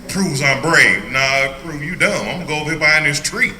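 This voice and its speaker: A man's voice: fairly high pitch, expressive, a little fast, pushed and bright, roomy sound, a little hiss or hum, rough recording. An older man leading an informal Bible study as a pastor, joking and laughing often as he teaches. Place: church hall.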